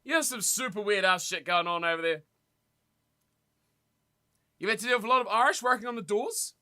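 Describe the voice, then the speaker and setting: A young man streaming a rugby watch party, commentating on the play and chatting casually with his viewers, with sudden loud reactions. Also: sits high, a little fast. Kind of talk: casual live commentary and chat.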